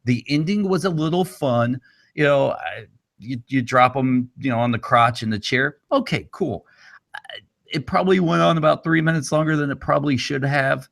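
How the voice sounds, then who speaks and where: A man's voice: medium pitch, normal speed, vocal fry, a bit bright. A man co-hosting a casual wrestling podcast, giving blunt, critical opinions. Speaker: podcast co-host.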